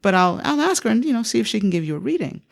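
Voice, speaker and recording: A woman's voice: on the high side, very animated, rapid-fire, vocal fry, pitched above the performer's own voice. A woman voicing a kind female friend who casually and reassuringly offers her help.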